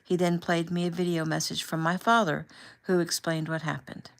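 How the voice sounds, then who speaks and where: Woman voicing a soft-spoken young soldier. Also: fairly low pitch, little pitch movement, normal speed, creaky. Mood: gentle. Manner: soft, quiet, affectionate. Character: young man, soldier on deployment, tender.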